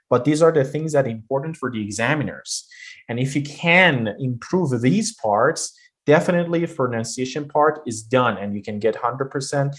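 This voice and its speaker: A man teaching a pronunciation lesson, explaining patiently and repeating key points with fillers and restarts. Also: mid-range voice.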